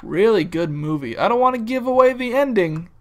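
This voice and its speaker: A man's voice: high voice, expressive, fairly quick. Young california guy rambling and joking over his gameplay, just chatting to viewers. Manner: rambling, joking, silly bits and mock-wildlife-presenter asides. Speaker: gaming video host. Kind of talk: casual gameplay commentary.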